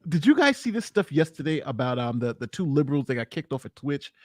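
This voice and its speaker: A bright, high-pitched man tells a story on a casual livestream panel. His voice leaps around a lot and climbs when he gets worked up. The sound is close and dry, with no room echo. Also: fast. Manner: animated storyteller, laughs often, rises high when excited.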